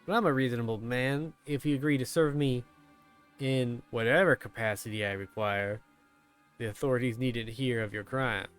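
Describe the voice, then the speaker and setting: A man voicing a greedy, bullying male merchant with a slow, sneering delivery. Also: mid-range voice, steady tone, fairly bright tone, clean tone, soft background music, lightly acted.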